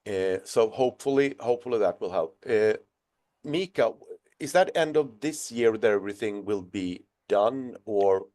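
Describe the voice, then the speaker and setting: A man's voice: on the low side, expressive, normal speed, darkish tone. A man moderating a webinar panel over a video call, upbeat, and putting questions to the panelists.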